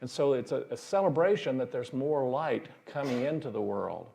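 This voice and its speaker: A man's voice: medium pitch, animated, moderate pace, vocal fry, dark tone. A male minister giving a sermon in a folksy storytelling manner, chuckling at his own jokes.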